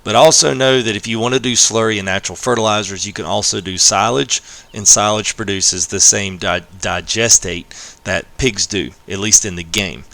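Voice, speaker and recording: Deep gravelly male streamer. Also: fairly even intonation, moderate pace. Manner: rambling, many fillers, friendly shout-outs to chat. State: slightly hoarse. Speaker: game streamer. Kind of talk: casual live-stream commentary.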